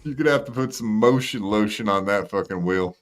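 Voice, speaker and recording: A man's voice: lowish voice, fairly quick, a crowd in the background. A man co-hosting a podcast, talking in loose, joking banter with lots of restarts. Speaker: podcast co-host. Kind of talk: casual banter.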